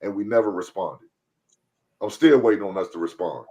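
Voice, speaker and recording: A man's voice: low voice, normal speed. A man co-hosting a sports podcast in casual talk, laid-back and given to repeating his points. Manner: laid-back, repeats phrases, loud when riled up. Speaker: podcast co-host.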